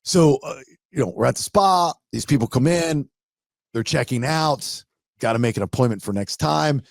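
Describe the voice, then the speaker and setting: A man's voice: mid-range voice, expressive, normal speed, creaky, no room sound, studio quality. A man hosting a podcast, telling stories in casual chat and rambling with many restarts. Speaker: podcast host.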